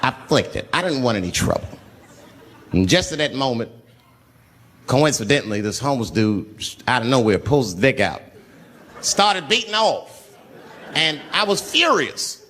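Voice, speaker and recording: A man's voice: medium pitch, sing-song, normal speed, pauses often, a bit bright, slight background noise. A man doing stand-up, telling a profane story with lots of acted-out voices. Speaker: stand-up comedian.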